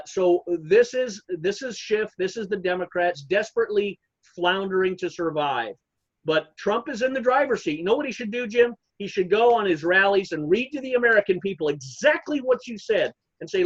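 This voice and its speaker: A man giving heated political commentary as a talk show guest, emphatic and rambling, with many fillers and restarts. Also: high voice. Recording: dull lo-fi sound.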